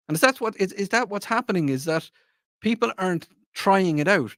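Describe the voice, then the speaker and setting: A man's voice: sits high, lively intonation, brisk, fairly bright tone, no echo, studio quality. A man hosting a radio talk show, telling stories from his working life in a rambling way with many restarts and asking listeners to call in. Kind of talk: casual radio chat.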